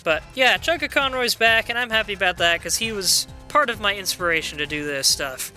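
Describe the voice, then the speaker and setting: A man's voice: high voice, expressive, a little fast, bright, forceful tone, soft background music. A man commentating on his own video game playthrough in a chatty, casual way, sometimes reading the on-screen text aloud. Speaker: gameplay commentator. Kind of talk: let's play commentary.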